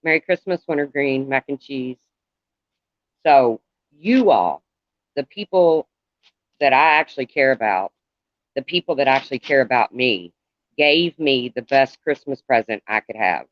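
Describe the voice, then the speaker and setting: A middle-aged man talking to viewers on a live stream in a halting, rambling way, calling out commenters by name. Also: mid-range voice, animated, no room sound. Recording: dull lo-fi, dry sound.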